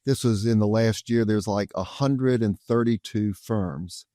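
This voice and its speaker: Older man, warm mellow voice, folksy anecdotes, reassuring tone, dry close sound. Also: lowish voice, measured pace, no room sound. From Louisiana, USA. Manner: reassuring, story-driven, folksy. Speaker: guest attorney. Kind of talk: anecdotal interview answers.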